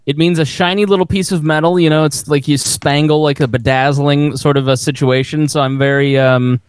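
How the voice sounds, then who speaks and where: A man's voice: a little high, steady tone, fairly quick, clear, resonant tone, no room sound. A man from Indianapolis, a guest podcast host, chatting in an easygoing, self-deprecating way. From Indianapolis, USA. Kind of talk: casual podcast chat.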